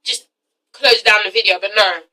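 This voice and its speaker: A woman's voice: medium pitch, normal speed, pushed and bright, far from the mic, rough recording. A young English woman reviewing a TV show in a casual rant, blunt and sassy, swearing freely and tagging her points with "okay?". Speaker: TV review vlogger.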